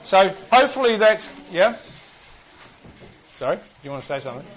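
A man's voice: high voice, very animated, a little fast, soft background music, poor audio. A man with a New Zealand accent teaching a Bible class, quizzing the group and joking at his own expense. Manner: chatty, self-deprecating, asks the group questions.

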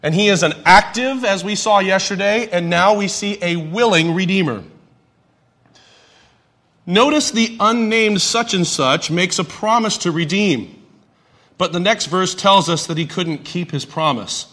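A man's voice: high voice, measured pace, sharp tone. A man teaching a Bible class in a conversational way, asking the audience questions and adding light humor.

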